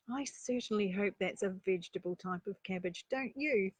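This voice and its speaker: A woman reading a children's story aloud, breaking off for chatty asides and rhetorical questions to her listeners, with a breathy voice. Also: medium pitch, moderate pace, hardly any pauses, no room sound. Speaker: storyteller and life coach.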